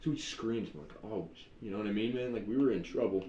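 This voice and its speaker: A young man telling a childhood story in casual chat, slangy and animated, saying dude a lot. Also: on the low side, fast. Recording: roomy, dull sound with faint ambience.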